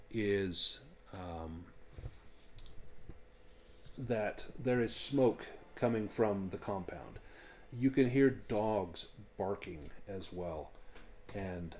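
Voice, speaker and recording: A man running a tabletop game as game master, explaining rules and narrating scenes in a relaxed way with frequent ums. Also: lowish voice.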